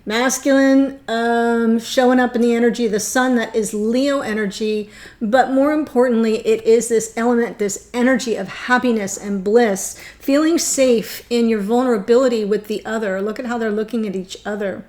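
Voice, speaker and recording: A woman giving a gushing, excitable tarot reading, choked up and near tears. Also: fairly high pitch, normal speed. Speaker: tarot reader.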